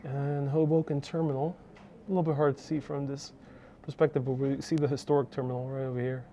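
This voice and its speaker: On a casual live stream, a man tours a skyscraper observation deck and responds to viewer comments by reading them out. He speaks a little fast in a level, dark, medium-pitched voice, and his wireless clip-on mic, paired with a phone on a gimbal, carries a little hiss or hum.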